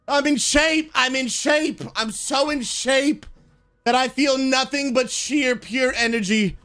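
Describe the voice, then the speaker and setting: Excitable high-voiced male game streamer. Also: takes it slowly, soft background music. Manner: excitable, shouts and laughs in bursts, calls people bro. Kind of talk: live gaming stream chat.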